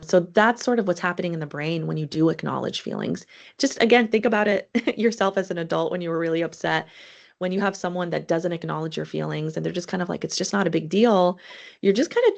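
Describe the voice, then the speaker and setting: Low gravelly woman presenting a webinar. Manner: conversational, earnest, many fillers and restarts.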